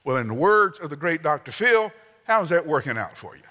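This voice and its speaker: A man in his sixties preaching a sermon, telling folksy family stories with sudden loud outbursts and soft asides. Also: a little high, big pitch swings, fairly quick. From Southern United States. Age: 60s. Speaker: pastor. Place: church sanctuary. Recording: long hall reverb.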